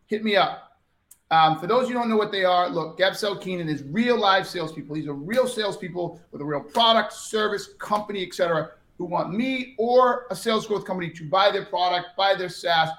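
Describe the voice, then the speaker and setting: A man's voice: sits high, a bit bright. A man hosting a sales coaching show, talking in a brash, direct and upbeat way. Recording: echoey room.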